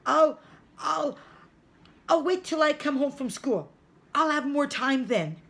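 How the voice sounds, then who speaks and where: A woman's voice: on the high side, big pitch swings, a little slow, warm tone, voice pushed up. A woman reading aloud, voicing a young boy who blurts and stammers when flustered. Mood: startled. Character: young boy, startled and eager.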